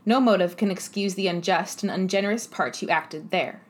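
A woman's voice: medium pitch, normal speed, close to an everyday voice. A woman voicing a spirited young woman in an audiobook, articulate and impassioned. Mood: indignant. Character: spirited young woman, indignant and sharp-tongued. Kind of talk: audiobook character voice.

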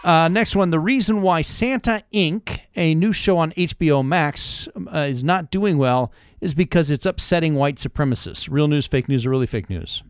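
A man's voice: fairly high pitch, smooth, no echo. A man co-hosting a political talk radio show, bantering wryly and running a quiz game. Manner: quick, wry, quiz-style game host.

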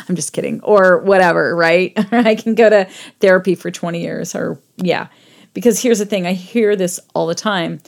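A woman's voice: lowish voice, normal speed, vocal fry. A middle-aged woman hosting her own podcast, talking bluntly and casually, swearing freely and laughing at herself. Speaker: podcast host. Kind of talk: solo podcast monologue.

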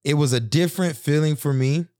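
A man's voice: fairly high pitch, brisk, darkish tone, dry recording, studio quality. A man in his thirties telling personal stories in an earnest, reflective, conversational monologue. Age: 30s. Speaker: podcast host.

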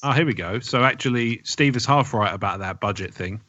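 A man co-hosting a podcast, wryly challenging arguments and quick to laugh. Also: lowish voice, bright, forceful tone, no echo. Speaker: podcast co-host. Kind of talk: casual film debate. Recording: dry, slightly dull lo-fi recording.

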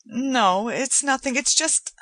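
A woman's voice: sits high, sharp tone, dry recording, pitched above the performer's own voice, full character voice. Brief: a woman reading a troubled young man, hesitant and nervous, lifted a little above her narrating voice. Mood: anxious. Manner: halting, nervous.

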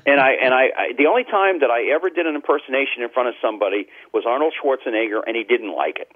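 An older man who hosts talk radio tells chatty anecdotes during a casual interview, restarting his sentences frequently. His mid-range voice moves fast, and it comes through a tinny phone line.

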